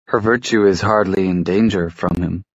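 A dry, weary male warlock, read by a man in a storybook, speaking with bitter restraint. The voice is low and the recording dry and close. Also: fairly even intonation, moderate pace, husky, dry recording, lo-fi sound.

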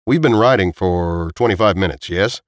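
A man voicing a calm, seasoned man in an audiobook, steady and explaining. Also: deep voice, moderate pace, natural voice. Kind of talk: audiobook character voice.

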